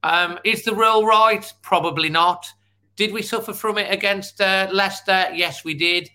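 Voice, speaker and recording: A man co-hosting a casual football fan chat with a high, bright, forward voice. He lays out his reasoning calmly, one point after another, and picks up his partner's points. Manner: measured, explains points step by step. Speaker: football podcast co-host.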